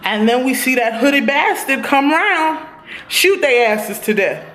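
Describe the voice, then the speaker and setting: Woman vlogger, higher voice, lively and foul-mouthed, addressing viewers directly. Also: a little slow. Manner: animated, profane, talks straight to viewers. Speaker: TV episode reviewer. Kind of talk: casual vlog review.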